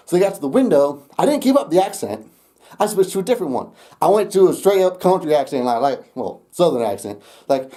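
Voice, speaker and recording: A young adult talks to the camera in a loose, rambling storytime, laughing between lines and swearing without fuss. The voice is dark and mellow in tone. Its pitch swings widely as the story goes on. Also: expressive, fairly quick. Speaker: vlogger.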